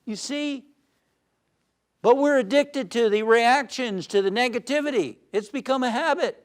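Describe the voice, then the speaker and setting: A man giving an uplifting sermon as a spiritual teacher, animated and shifting between loud emphasis and soft calm, who tells jokes. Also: very high voice, moderate pace. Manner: tells jokes with acted voices.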